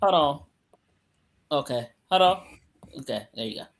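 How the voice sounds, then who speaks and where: A woman's voice: low-pitched, animated, normal speed. Rambling woman on a remote sports call. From Michigan. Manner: rambling, restarts often, casual slang. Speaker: sports podcast co-host. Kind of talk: casual sports chat. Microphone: computer, away from the mic. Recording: remote call audio, from off-mic.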